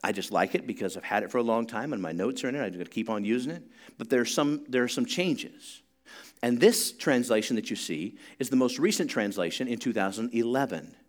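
A man preaching to his congregation in a relaxed, conversational teaching voice. He leads the room in call-and-response, then presses his points with rising pitch and force. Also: brisk. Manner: conversational teaching that builds to loud, high-pitched emphasis. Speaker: pastor. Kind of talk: sermon.

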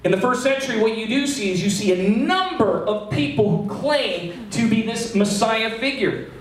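Man, pastor, sermon, animated and joking, high voice, echoey church hall. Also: moderate pace, a little hiss or hum. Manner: animated, joking, acts out quotes. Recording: echoey hall, mic from far off.

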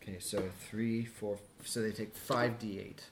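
A methodical tabletop player speaking at an ordinary middle pitch, counting out moves and dice rolls aloud in a casual tone. Faint noise sits under the voice. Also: level tone, a little slow. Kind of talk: casual game chat.

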